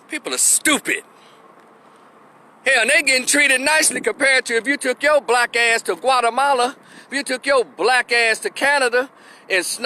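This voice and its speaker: A man's voice: high-pitched, bright, forceful tone, a little hiss or hum. A man giving a blunt, profane opinion rant, stressing his points and laughing in scorn. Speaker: opinion vlogger.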